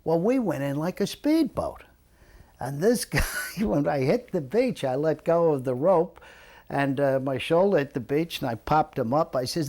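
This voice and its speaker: A man's voice: fairly high pitch, moderate pace. Older New man telling stories. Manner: animated storyteller, acts out quoted voices. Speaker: retired lifeguard interviewee. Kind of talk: storytelling reminiscence.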